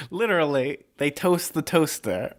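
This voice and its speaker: A man's voice: fairly high pitch, huge pitch swings, slow, a bit bright. Easygoing young man from California. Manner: rambling, easygoing, many "like" fillers. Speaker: podcast co-host. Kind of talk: casual chat.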